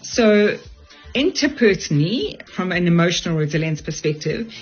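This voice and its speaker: A woman's voice: fairly low pitch, big pitch swings, normal speed, breathy edge. An older woman from South Africa, a guest on a radio show, giving earnest, direct advice. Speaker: resilience speaker, radio guest. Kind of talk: radio interview, advice talk. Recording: dull lo-fi radio audio, faint music.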